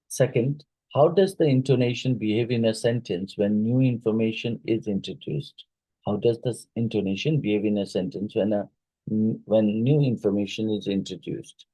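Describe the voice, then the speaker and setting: Husky, low-voiced male teacher. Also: warm tone, no room sound, rough recording. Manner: reads questions aloud, then reasons through the answer. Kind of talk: exam question review lesson.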